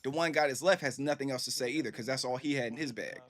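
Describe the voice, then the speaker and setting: Fast-talking, animated male gaming storyteller. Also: medium pitch. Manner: animated, profane, acts out quoted voices. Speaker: gaming streamer. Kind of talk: casual storytelling to viewers.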